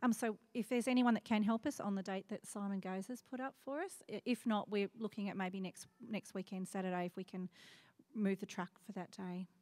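A woman's voice: medium pitch, steady tone, brisk, darkish tone. Rambling woman making an announcement. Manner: rambling, self-correcting. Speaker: congregation member who is moving. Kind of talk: casual announcement.

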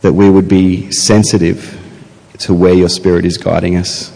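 A man leading an earnest spoken prayer in a steady voice. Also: low-pitched, moderate pace, gravelly, big-room sound. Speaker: prayer leader.

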